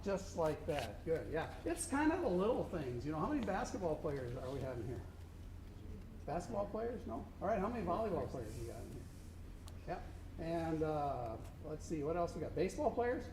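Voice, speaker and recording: A man's voice: a little high, very animated, normal speed, pauses often. A man working as a contest judge, coaching a student band and singing rhythms aloud to show them. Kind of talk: instructional clinic to a student band. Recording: echoey room with faint noise.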